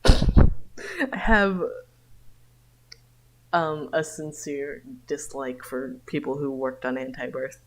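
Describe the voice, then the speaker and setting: A young woman livestreaming a read-along of her own comic, just woken up, reading slowly and often breaking into giggles. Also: very deep voice, rough recording. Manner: giggly, trailing off into laughter. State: just woke up.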